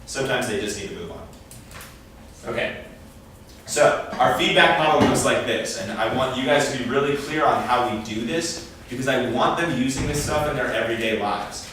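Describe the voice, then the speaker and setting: A man with a medium-pitched, slightly bright voice speaks at a moderate pace to parents during a training session. He's conversational and often performs quoted lines. Recorded in an echoey meeting room, he sits far from the mic amid faint noise.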